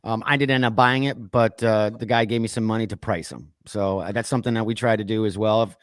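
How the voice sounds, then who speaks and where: A man's voice: fairly low pitch, fairly even intonation, fast, no room sound, clean studio sound. A man hosting a podcast in easygoing casual chat, with many fillers. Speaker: podcast host.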